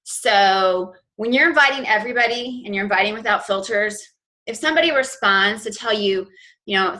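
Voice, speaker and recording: A woman's voice: mid-range voice, lively intonation, normal speed, bright, forceful tone, poor audio. A woman coach giving a chatty, informal training talk to her team, with plenty of fillers and restarts. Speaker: fitness business coach.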